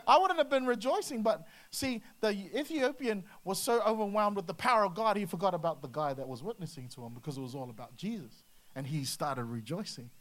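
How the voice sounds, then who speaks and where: A preacher giving an energetic, conversational sermon, with frequent restarts and acted asides. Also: mid-range voice, a little fast. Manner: lively, slips into acted quotes, many restarts.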